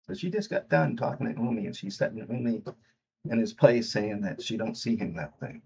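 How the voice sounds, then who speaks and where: A man's voice: on the low side, lively intonation, a little fast, vocal fry, darkish tone, slightly rough, dull audio. A man casually retelling comic chapters in a loose, rambling way, stringing events together. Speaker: comic recap host.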